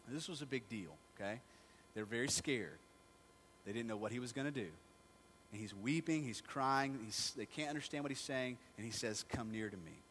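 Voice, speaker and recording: A man's voice: mid-range voice, a bit bright, a little hiss or hum. A male pastor preaching a sermon in a conversational storytelling manner, asking the congregation rhetorical questions.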